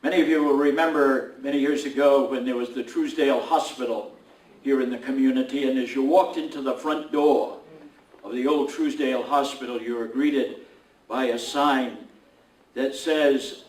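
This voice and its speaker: A man, a reverend, giving a measured, solemn dedication prayer at a building opening. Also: medium pitch, fairly even intonation, a little mellow. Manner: measured, solemn, with slow emphatic phrases. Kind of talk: formal invocation and prayer. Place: indoor building dedication event. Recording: roomy, distant ceremony recording.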